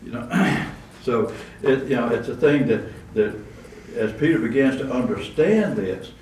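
A man's voice: mid-range voice, expressive, measured pace, darkish tone. Guy preaching, chatty and rambling, mic far off, echoey room w faint hum. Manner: conversational, with frequent restarts and asides. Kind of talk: sermon. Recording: roomy echo, distant mic, faint room noise.

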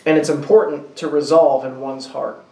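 Guy teaching a bible class in an echoey room, bit high voice, kinda far from the mic, keeps quizzing the group. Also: fairly even intonation, vocal fry, mellow. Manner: asks the group questions, slows down to stress key words. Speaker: Bible study leader. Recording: roomy echo, voice from off-mic.

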